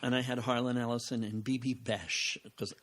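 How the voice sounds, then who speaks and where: An older man, a podcast guest recorded at home, telling animated anecdotes, acting out the voices of people he quotes and laughing often. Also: medium pitch, normal speed. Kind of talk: casual anecdotal storytelling.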